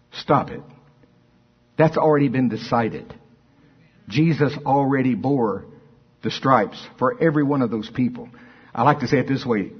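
A man preaching a sermon, moving between quiet asides and loud, emphatic declarations. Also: medium pitch, breathy edge. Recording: dull lo-fi church recording.

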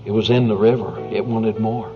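Low-voiced earnest male preacher, lo-fi. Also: steady tone, normal speed. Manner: earnest, conversational, drops to hushed near-whispers. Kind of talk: sermon. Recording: dull lo-fi recording with faint music.

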